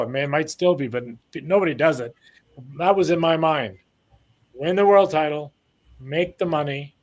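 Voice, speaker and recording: A man in his sixties from Canada, a former boxer telling long rambling stories in a casual interview. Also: on the high side. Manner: rambling anecdotes, acts out quoted lines.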